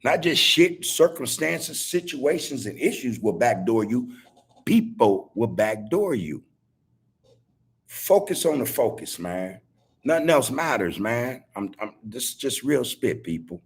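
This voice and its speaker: Husky man preaching to his listeners. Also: medium pitch, sing-song, measured pace. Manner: preachy, repeats himself, street slang like "homie" and "man". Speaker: podcast host. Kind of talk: casual monologue. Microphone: video call.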